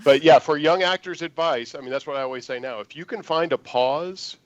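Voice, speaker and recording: Animated male actor telling a story. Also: fairly high pitch, brisk, dry recording, muffled recording. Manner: animated anecdotal storyteller, acts out quoted lines. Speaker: actor guest. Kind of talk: storytelling interview.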